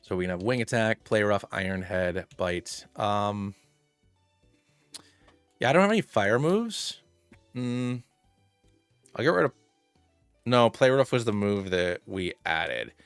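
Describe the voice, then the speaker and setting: A man streaming a game live, rambling through his moves and excitedly thanking viewers by name. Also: lowish voice, slow, long pauses, smooth, dry recording, soft background music. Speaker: streamer playing a fusion monster game. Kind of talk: casual live-stream chat and game commentary.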